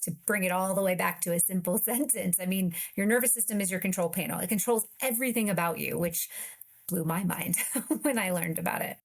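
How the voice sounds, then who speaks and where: A woman's voice: lowish voice, fairly quick, gravelly. A woman therapist, a guest on a podcast, patiently explaining ideas step by step. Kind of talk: explanatory interview talk.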